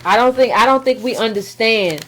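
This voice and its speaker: High-voiced woman ranting emphatically. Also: fairly quick, a little hiss or hum. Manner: emphatic, repetitive, colloquial; rhetorical questions. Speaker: political commentator. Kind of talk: opinion commentary rant.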